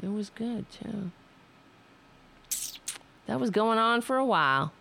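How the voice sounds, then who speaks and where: Gravelly, animated woman hosting a livestream. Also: a little high, slow, a little hiss or hum. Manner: profane, self-scolding, rambling. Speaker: livestream host. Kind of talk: casual livestream chat.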